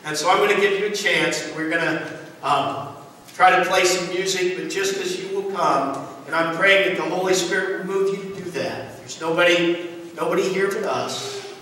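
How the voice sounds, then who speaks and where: High-voiced pastor in an echoey church. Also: male voice, moderate pace, bright, forceful tone, slight background noise. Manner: storytelling, earnest. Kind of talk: sermon. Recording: echoey church hall from far off.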